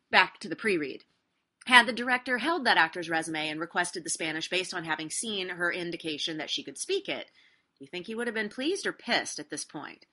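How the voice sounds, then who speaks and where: Wry, bright-voiced woman host. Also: lowish voice, expressive. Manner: brisk, wry and emphatic, with rhetorical questions. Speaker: casting director and podcast host. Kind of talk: scripted solo talk.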